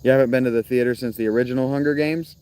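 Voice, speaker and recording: A man's voice: mid-range voice, fairly even intonation, rapid-fire, a little mellow, clean tone. A man chatting casually to his live-stream viewers, rambling, restarting sentences and laughing often. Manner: rambling, self-interrupting, laughs a lot. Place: outdoors, rural, crickets.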